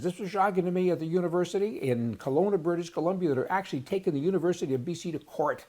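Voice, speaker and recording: A man's voice: a little high, animated, fast, hardly any pauses, mellow. A man ranting in an opinion monologue, indignant and emphatic, hammering words by repeating them. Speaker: host of advocacy newsletter show.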